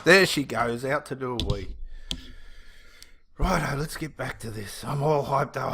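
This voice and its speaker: A man, a channel host reading viewer comments and answering them in an impassioned, emphatic way. He swings between loud preaching and muttering to himself. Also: medium pitch, lively intonation, measured pace, creaky, long pauses, a little hiss or hum.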